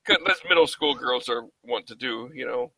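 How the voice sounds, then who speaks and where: A man's voice: mid-range voice, creaky, pushed and bright, husky, no room sound, poor audio. A man co-hosting a podcast in casual chat, laughing often as he tells a story.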